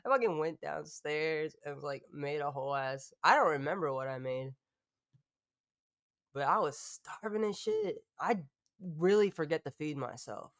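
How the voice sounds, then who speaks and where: A woman's voice: deep voice, expressive, moderate pace, no room sound, clean studio sound. A woman hosting a live stream in loose, rambling chat, swearing freely and laughing often.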